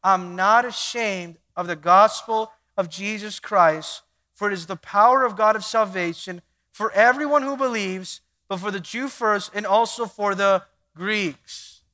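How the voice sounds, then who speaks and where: A man preaching a sermon, swinging between quiet stretches and loud emphatic bursts, acting out little dialogues. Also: high-pitched, measured pace. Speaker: pastor.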